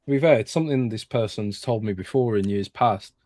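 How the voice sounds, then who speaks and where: A man's voice: fairly low pitch, a little fast, a little mellow, dry recording, studio quality. Hesitant British male reporter. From Britain. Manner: hesitant, many restarts and fillers. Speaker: games reporter. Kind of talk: casual podcast chat.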